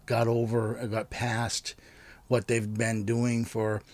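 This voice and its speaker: A man co-hosting a talk show, chiming in with dry teasing remarks and halting restarts. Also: medium pitch, completely flat delivery, a little mellow. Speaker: podcast co-host. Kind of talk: casual chat.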